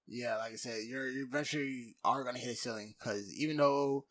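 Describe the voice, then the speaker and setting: Young man explaining calmly in casual chat. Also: medium pitch, a little fast. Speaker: podcast co-host.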